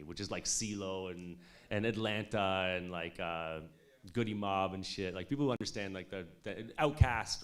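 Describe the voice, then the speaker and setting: A man in his thirties telling a casual, animated story about his studio years, peppered with swearing and "like" and "you know". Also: on the low side. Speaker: music producer speaking at an industry showcase.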